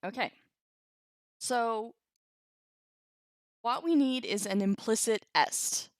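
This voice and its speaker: A woman's voice: on the high side, takes it slowly, dry recording, studio quality. A woman teaching a language lesson on a live stream, chatty, laughing often and reacting to viewers' comments.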